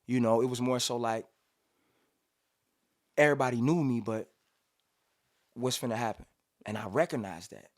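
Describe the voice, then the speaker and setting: This rapper guest, a Cincinnati man in his thirties, spins casual stories in a studio interview, animatedly acting out quotes and humming beats. He speaks at medium pitch and normal speed, leaving long pauses.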